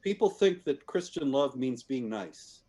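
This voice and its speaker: A man's voice: medium pitch, lively intonation, unhurried, mellow. A man speaking as a guest in a conversation, making his case emphatically with frequent restarts. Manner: emphatic, repeats words on restarts. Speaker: guest commentator. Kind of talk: conversational argument.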